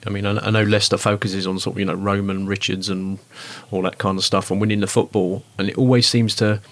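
A man in a relaxed discussion, talking in an animated, rambling way with lots of fillers. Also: on the low side, fast talker. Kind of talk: conversational discussion.

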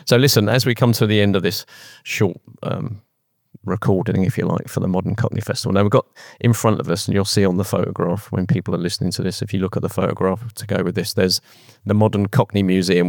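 Low gravelly man, flat interviewer. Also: no echo, studio quality. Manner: relaxed, conversational, prompting. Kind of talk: casual interview chat.

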